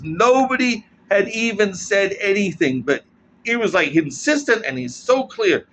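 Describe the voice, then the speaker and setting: A man with a fairly high, lively voice talks through his points in a blunt, sardonic monologue and ends a lot of his sentences with "right?". The recording is muffled and lo-fi, with a faint hiss of room noise underneath. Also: normal speed. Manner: keeps checking in with "right?" tag questions. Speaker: political commentator. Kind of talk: casual explanatory monologue.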